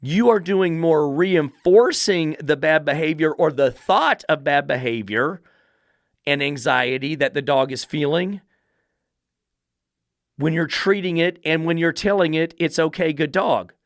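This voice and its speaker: A man's voice: a little slow, no room sound. Blunt, profane man with a dry close sound. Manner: blunt, combative and profane, mocking falsetto baby talk. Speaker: dog trainer and podcast host. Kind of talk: opinionated podcast commentary.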